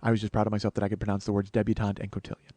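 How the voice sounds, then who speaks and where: A man in his forties hosting his own show, telling a profane, animated story that swings from low mutters to loud mock pride. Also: very fast, dry recording. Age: 40s. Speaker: comedian podcast host. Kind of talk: storytelling monologue.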